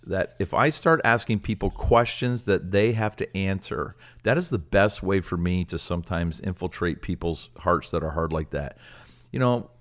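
A man who is a pastor, speaking earnestly and casually in a ministry discussion, with many fillers. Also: sits low.

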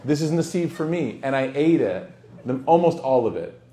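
A man's voice: medium pitch, lively intonation, normal speed, dark tone, a little hiss or hum. A man teaching a religious study circle in a casual, joking way. He tells anecdotes and acts out the dialogue. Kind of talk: informal religious lesson.

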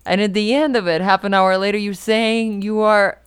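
A woman hosting a comedy podcast, teasing her guest with quick questions. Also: mid-range voice, fairly even intonation, clean tone, dry recording, studio quality. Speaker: podcast host. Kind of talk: casual comedy chat.

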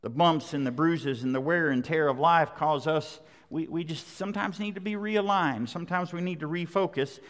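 Emphatic preacher in a reverberant hall. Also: male voice, on the high side, normal speed, few pauses. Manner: repetitive emphatic preaching, swelling loud then dropping soft. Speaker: pastor. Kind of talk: sermon.

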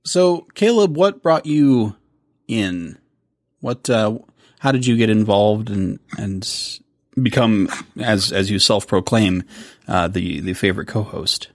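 A man's voice: on the low side, slow pace, dry recording, studio quality. A man interviewing podcast guests, teasing them and asking casual questions.

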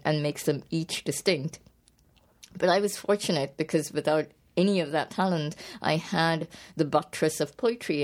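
A woman's voice: deep voice, a little mellow. A woman poet being interviewed about her book, speaking thoughtfully with frequent restarts and fillers. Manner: hesitant, many restarts and fillers, laughs easily. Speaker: poet and author, interview guest.

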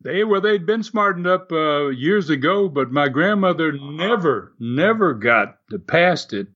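Older man telling lively stories. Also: fairly high pitch, unhurried, muffled recording. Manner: animated storyteller, laughs often. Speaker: former wrestler, guest. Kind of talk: storytelling interview.

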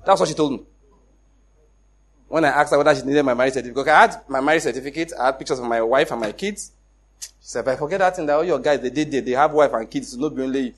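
A middle-aged Nigerian man with a Nigerian accent, telling a personal story in an animated way, acting out the dialogue and laughing often. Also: mid-range voice, very fast, breathy edge. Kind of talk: casual storytelling.

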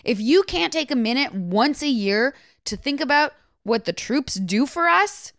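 A woman's voice: high-pitched, expressive, measured pace, fairly bright tone, no room sound, studio quality. A woman co-hosting a casual podcast, speaking firmly and from the heart, with plenty of likes and restarts. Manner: firm, heartfelt, talks with many likes and restarts. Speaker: podcast co-host.

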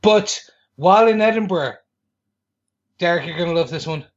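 Lively man, dull lo-fi sound. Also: high voice, normal speed. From United Kingdom. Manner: enthusiastic, acts out reactions. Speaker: podcast co-host. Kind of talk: casual film review chat.

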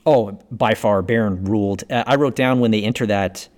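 A man's voice: lowish voice, moderate pace, darkish tone. A man co-hosting a podcast, joking in a laid-back way while going through his notes on a film. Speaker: podcast co-host. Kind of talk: casual movie review chat.

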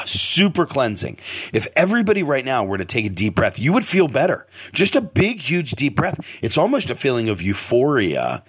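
Animated, emphatic male storyteller. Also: medium pitch, moderate pace, husky. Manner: animated, emphatic, profane storyteller with sudden loud bursts. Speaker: restaurant owner and podcast host. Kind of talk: casual storytelling monologue.

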